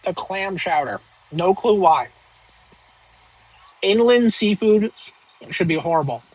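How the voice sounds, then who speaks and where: Young male streamer, somewhat high voice, off-the-cuff rambling banter. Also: expressive, moderate pace, slightly rough, rough recording. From northern United States. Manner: rambling, joking, with many fillers and restarts. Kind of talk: casual live-stream chat reading viewer questions.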